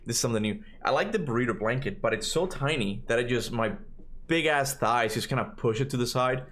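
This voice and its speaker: A man's voice: mid-range voice, lively intonation, fairly quick, fairly bright tone. Guy in his 30s streaming, english not his first language, voice goes up and down a lot, cracks sometimes. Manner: rambling, tags questions with "right?". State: occasional voice cracks. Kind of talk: casual livestream chat.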